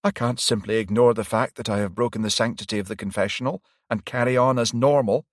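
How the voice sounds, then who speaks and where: A man's voice: mid-range voice, fairly even intonation, fast, no echo, clean studio sound, voice pushed up, natural voice. A man voicing a frightened young priest. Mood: shaken. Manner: anxious, faltering.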